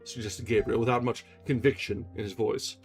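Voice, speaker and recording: A man reading a classic novel aloud on a livestream, steady narration with casual asides. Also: mid-range voice, normal speed, faint music behind. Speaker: audiobook reader on a livestream.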